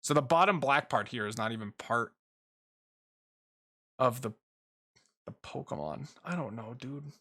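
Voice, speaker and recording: A young man casually rambling through a tier list ranking, swearing freely and filling pauses with ums and uhs. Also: medium pitch, expressive, sharp tone, breathy edge. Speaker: YouTuber ranking Pokemon. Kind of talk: casual commentary while making a tier list.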